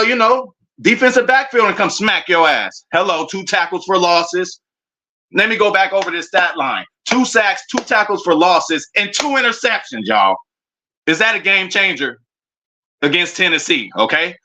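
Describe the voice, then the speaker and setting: A man streaming a casual, excitable reaction to his football team's draft picks, full of slang and talking straight to his chat. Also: high-pitched. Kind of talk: casual live reaction commentary.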